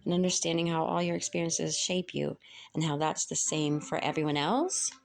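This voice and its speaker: A woman giving a casual spoken tarot reading, halting and earnest as she searches for words. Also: sits low, vocal fry. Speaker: tarot reader.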